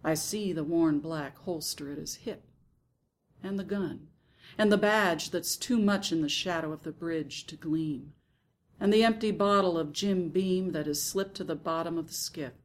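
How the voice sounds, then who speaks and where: Woman reading a first person story aloud, quiet and hushed, lowish voice. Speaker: audiobook narrator. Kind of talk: first-person literary narration.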